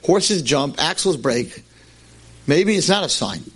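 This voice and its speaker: Man playing a devout young scholar in a told tale; earnest, pleading, a touch higher. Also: expressive, takes it slowly, fairly bright tone, slightly rough, exaggerated voice.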